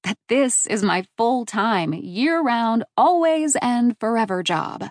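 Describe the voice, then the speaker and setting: A woman reading a first-person novel aloud as an audiobook narrator, in a warm and measured storytelling manner. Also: fairly high pitch, lively intonation, no room sound, clean studio sound.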